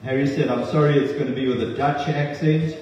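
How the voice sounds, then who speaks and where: A man leading a church service introduces the next reader in a relaxed, quick way, his voice mellow. He sounds far off in a hall with long reverb, the sound a bit muffled. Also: mid-range voice, slight background noise. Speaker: pastor. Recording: echoey hall, distant mic, dull sound.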